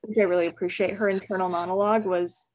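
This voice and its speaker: A woman's voice: lowish voice, fairly even intonation, fast, a little mellow. A woman recapping a romance novel in casual podcast chat, chatty and full of "like" fillers, laughing often. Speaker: podcast guest.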